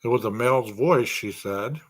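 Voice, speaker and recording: A man's voice: mid-range voice, normal speed. A man hosting a true crime podcast, speculating aloud through a string of rhetorical questions.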